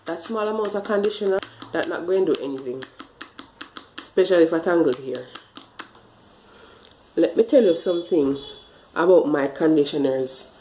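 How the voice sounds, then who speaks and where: A woman's voice: fairly low pitch, warm tone, roomy sound, a little hiss or hum, poor audio. A woman vlogging a hair wash routine, explaining each step casually to the camera and a bit out of breath. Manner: chatty, explains step by step while washing her hair. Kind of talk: casual tutorial talk to camera.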